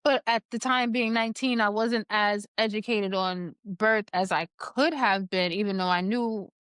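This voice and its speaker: A woman guest on a podcast, candidly telling a personal story in an animated way and laughing now and then. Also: medium pitch, moderate pace, clear, resonant tone, no room sound, studio quality.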